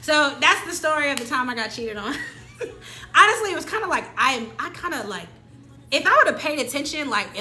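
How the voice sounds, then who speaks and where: A woman's voice: fairly high pitch, bright, forceful tone. A woman telling a personal story to her viewers in a casual, slangy, dramatic way. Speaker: storytime vlogger.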